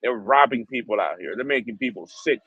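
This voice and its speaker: A man's voice: mid-range voice, lively intonation, fairly quick, a bit bright, husky, dry recording, dull audio. A man hosting a livestream, ranting in heated, profane street slang. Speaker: livestream host.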